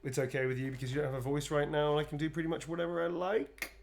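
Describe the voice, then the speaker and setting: A man's voice: a little high, flat delivery, racing, vocal fry. A tired man chatting casually on a livestream, rambling and playful, calling viewers darlings as he draws. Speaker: actor drawing requested sketches for viewers.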